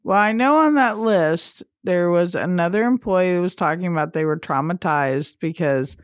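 Woman co-host, lowish voice, blunt and salty, dry close recording. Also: moderate pace, no echo. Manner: blunt, swears freely. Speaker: podcast co-host. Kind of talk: casual chat.

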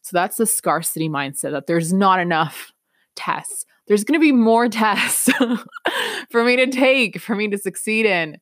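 A woman's voice: lowish voice, no room sound, clean studio sound. A young woman hosting a podcast, telling a personal story in an earnest, reflective way and laughing now and then. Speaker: podcast host.

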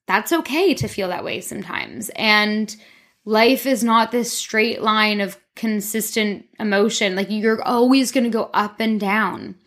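Speaking toward a mirror in her own room, a woman records a loose, unscripted solo podcast monologue. Her voice is a middle-pitched, slightly bright female voice, and she rambles candidly, giving herself a pep talk packed with "like."

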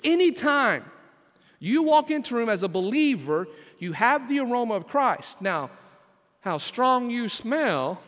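A male pastor with a high-pitched voice preaches with emphatic force, dropping low and quiet before rising into loud bursts. His voice rings with the long reverb of a church sanctuary. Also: sing-song, moderate pace. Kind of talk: sermon.

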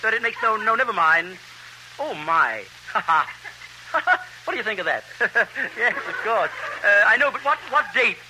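A man with a very high, piercingly bright voice trades quick, giggly comedy banter. His pitch swings lively up and down. It sounds like a 1930s radio comedy. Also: slight background noise, low-quality recording. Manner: giggly, chatty, quick asides.

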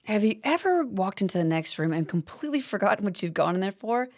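A woman's voice: medium pitch, very animated, fast. A woman hosting a faith-based teaching podcast, talking expressively and acting out complaining prayers. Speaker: podcast host.

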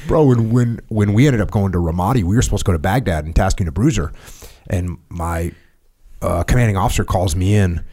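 A man hosting a podcast, chatting casually and relaxed, trading stories with a guest. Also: low voice, brisk. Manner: relaxed, says "bro". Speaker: podcast host. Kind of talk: casual chat.

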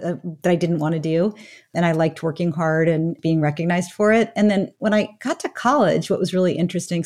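A woman's voice: lowish voice, a little mellow. Reflective storytelling woman in her fifties. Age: 50s. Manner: reflective storyteller, frequent "you know" asides. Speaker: guest author. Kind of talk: conversational podcast interview.

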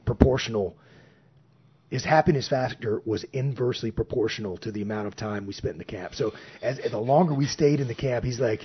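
Brief: husky, lowish male guest, animated storyteller, dull lo-fi audio. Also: a little fast. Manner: animated, acts out quoted remarks in his telling. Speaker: podcast guest, former Navy platoon officer. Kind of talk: casual storytelling. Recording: dull lo-fi recording.

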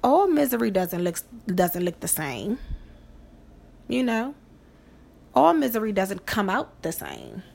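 A woman's voice: medium pitch, huge pitch swings, slow, gravelly, pauses often, a little mellow. A woman hosting a podcast in a casual monologue, profane and emphatic, repeating phrases for effect. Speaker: podcast host.

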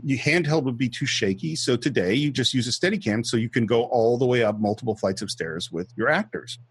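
Husky guy on a movie podcast, chatty, telling how shots were made. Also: mid-range voice, fairly quick. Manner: lively storyteller explaining scenes and behind-the-scenes facts. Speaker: podcast host. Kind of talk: casual film-discussion chat.

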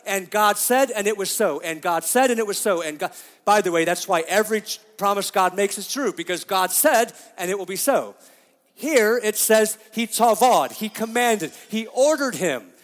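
Man, pastor, sermon, high voice, emphatic, questions to the congregation, long church reverb. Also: a bit bright.

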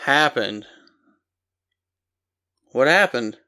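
Male co-host, unhurried delivery, smooth resonant tone, dry humor. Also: medium pitch, expressive, sharp tone. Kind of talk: casual podcast chat.

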